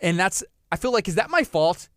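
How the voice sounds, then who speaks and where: A man's voice: high voice, very animated, brisk, a bit bright, clear, resonant tone, no room sound. A man from Texas hosting a live radio show in a studio, chatting upbeat and promoting events. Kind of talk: casual live radio chat.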